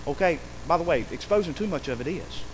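A man's voice: a little high, expressive, quick pace, background noise. A man, a pastor, preaching a sermon emphatically, acting out quoted speech and calling for amens.

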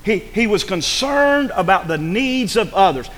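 A man preaching a sermon, swinging between loud calls and hushed asides. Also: sits high, big pitch swings, measured pace, long reverb tail. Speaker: pastor. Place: church sanctuary.

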